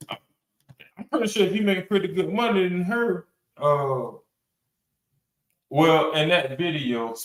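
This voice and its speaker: Blunt, rambling man in an echoey room. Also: medium pitch. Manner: blunt, rambling, profane, many fillers. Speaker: host of a reaction podcast panel. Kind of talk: casual reaction commentary. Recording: roomy echo.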